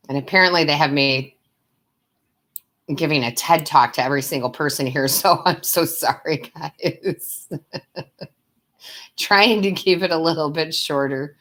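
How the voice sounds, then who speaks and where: A woman's voice: low voice, unhurried, pauses often, a bit bright. A woman giving tarot readings on a live stream, who chats with her viewers, calls them love and sweetheart, and laughs often. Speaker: tarot reader and medium.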